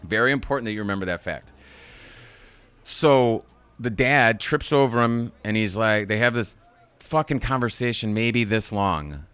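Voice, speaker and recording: Profane, rambling man with a smooth voice. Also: on the low side, moderate pace, fairly bright tone, no echo. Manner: profane, digressive, laughs at own jokes. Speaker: live-stream movie reviewer. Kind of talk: casual rambling movie recap.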